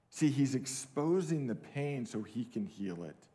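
A middle-aged man delivers a camp sermon in an earnest, steady voice of medium pitch. He drives points home by repeating short phrases. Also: measured pace, hardly any pauses. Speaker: camp speaker. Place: camp meeting hall.

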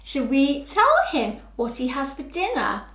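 A woman teaching young children phonics, sounding words out slowly with gentle encouragement. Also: sits high, very animated, reverberant. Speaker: early years teacher. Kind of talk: slow, clear children's lesson.

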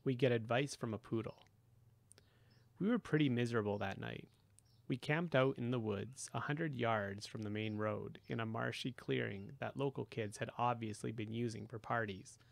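Gravelly male audiobook narrator. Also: mid-range voice, moderate pace, no echo. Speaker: audiobook reader. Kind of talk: first-person audiobook narration.

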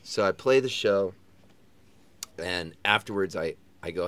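A man's voice: on the low side, normal speed, dry recording. Middle-aged man telling stories animatedly. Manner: animated storyteller who sings and acts out other people's lines. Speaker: interview guest, touring singer-songwriter. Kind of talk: casual storytelling chat.

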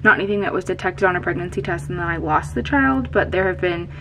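A woman's voice: on the low side, fast, background noise. A woman vlogger whispering and rambling in a small closet, filming herself on a camera close by. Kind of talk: hushed personal vlog. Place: small closet in her bathroom.

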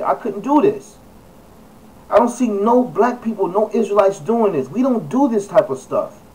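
A man talking to camera in a casual vlog, emphatic and halting, repeating his phrases and filling pauses with "uh" and "you know.". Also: high-pitched, darkish tone, distant mic, low-quality recording. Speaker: video blogger.

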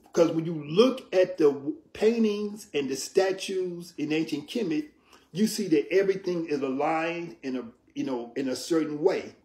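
A man teaching about yoga in an interview, in a measured, explanatory way, often checking in with "right?". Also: fairly high pitch, dark tone. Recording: roomy echo.

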